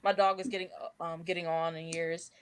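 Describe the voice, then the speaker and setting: Animated woman telling stories with laughs. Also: fairly low pitch, brisk, clean tone. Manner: animated storyteller, laughs often, acts out her own voice. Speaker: podcast co-host. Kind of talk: casual chat.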